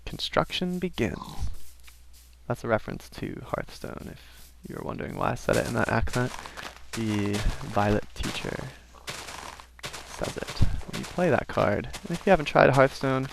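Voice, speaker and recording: Casual gameplay commentator, young man, mid-pitched and gravelly, rambling with offhand asides. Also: normal speed, a little hiss or hum. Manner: rambling, self-aware asides. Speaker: gaming commentator. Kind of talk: casual let's-play commentary.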